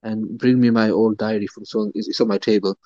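A man voicing a patient, gentle elderly father in a story told during a lesson. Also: fairly low pitch, flat delivery, a little fast, no echo, lightly acted. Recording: dull, dry recording.

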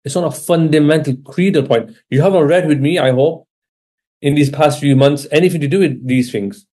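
Mellow-voiced man teaching religion casually. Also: fairly high pitch, moderate pace. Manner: conversational, checks in with listeners. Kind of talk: informal religious lecture. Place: Britain.

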